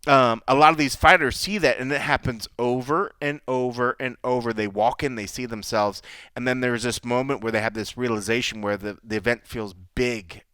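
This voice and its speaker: A man's voice: medium pitch, fairly even intonation, moderate pace, hardly any pauses, sharp tone, clean tone, no echo. A man co-hosting a casual podcast chat, rambling with restarts and casual swearing. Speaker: podcast co-host.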